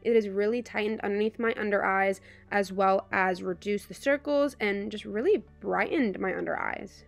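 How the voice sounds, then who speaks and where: A woman's voice: medium pitch, moderate pace, gravelly, faint music behind. A young woman chatting casually in a beauty vlog, talking to the camera with fillers and small laughs. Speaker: beauty vlogger.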